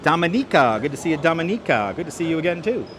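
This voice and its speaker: This livestream host's voice is a little high, swinging widely in pitch as he talks fast over a noisy background. Wearing a clip-on mic, he walks city streets and a big indoor station hall, cheerfully reading the chat and naming viewers as he greets them.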